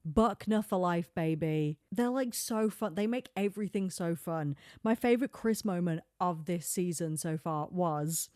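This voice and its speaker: A young adult woman hosting a casual solo podcast, chatty and animated, peppering her talk with "like". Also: on the low side, no echo, studio quality. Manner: chatty and animated, heavy use of filler "like", quick asides and laughs. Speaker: podcast host. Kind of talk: casual solo podcast chat about reality TV.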